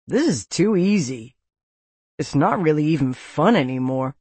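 A woman's voice: rumbling low, animated, a little fast, slightly rough, no room sound, exaggerated voice. Grumbling sarcastic young man in a storybook, muttering , voiced by a woman narrator, dry close sound. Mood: bored.

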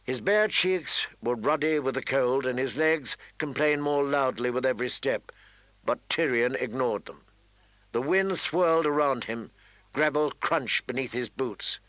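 In this scripted narration, a male audiobook narrator delivers a novel with steady, measured storytelling. He has a mid-range voice, captured in a dry recording.

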